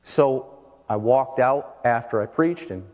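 A middle-aged man preaching a sermon, dropping to quiet storytelling and then rising to loud, shouted declarations. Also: mid-range voice, takes it slowly. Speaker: pastor. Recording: long hall reverb.

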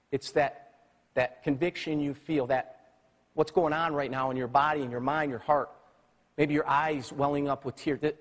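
A male pastor preaching a sermon, moving between quiet, low passages and loud, high-pitched emphatic bursts. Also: a little slow, pauses often. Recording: long hall reverb.

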